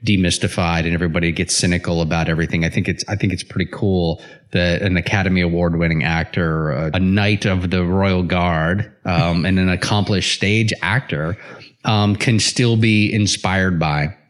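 A man hosting a casual podcast who chats in an animated way, laughs often and restarts his sentences. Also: deep voice, normal speed. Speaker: podcast host. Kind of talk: casual chat.

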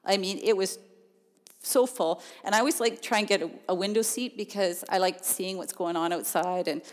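A woman telling a personal story in an animated, chatty way, laughing often. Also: mid-range voice, moderate pace. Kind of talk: storytelling testimony. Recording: long reverb of a large hall.

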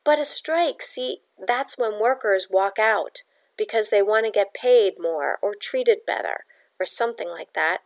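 A woman's voice: mid-range voice, lightly acted. Woman voicing an impatient young man, exasperated, explaining.

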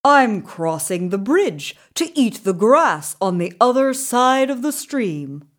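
A woman's voice: on the high side, sing-song, slow pace, voice pushed up. A woman voicing a big, brave male billy goat in a storybook reading, speaking firmly. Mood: plain.

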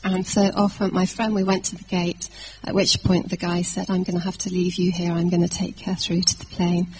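A woman from England preaching a sermon, telling a personal story in a lively anecdotal way with fillers and restarts. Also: fairly low pitch, a little fast, background noise.

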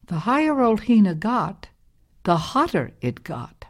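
A woman reading a storybook aloud in a calm, gentle, measured way. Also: medium pitch.

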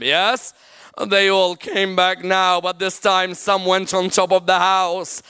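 A man's voice: high voice, flat delivery, slow, sharp tone, smooth, soft background music. A man preaching a sermon in a mosque, telling a mournful story with passion and often asking the audience "yes?". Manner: mournful, impassioned narration with repeated "yes?" to the audience.

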